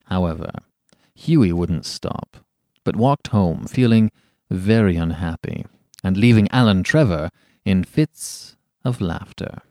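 Expressive male storyteller. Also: sits low, dry recording, studio quality. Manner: expressive, measured. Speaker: podcast narrator. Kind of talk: scripted storybook narration.

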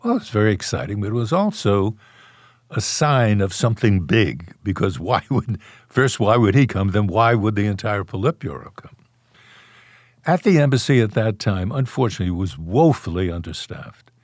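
A man's voice: fairly low pitch, very animated, normal speed, no room sound, studio quality. An older man, a guest author in a podcast interview, telling wry stories from his past and chuckling now and then. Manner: anecdotal, wry, chuckles while recalling.

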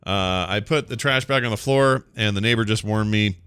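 A man's voice: on the low side, moderate pace, fairly bright tone, clear, resonant tone, no echo, faint music behind. Man, podcast co-host, laid-back, joking asides, dry close sound. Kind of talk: casual chat, reading news stories.

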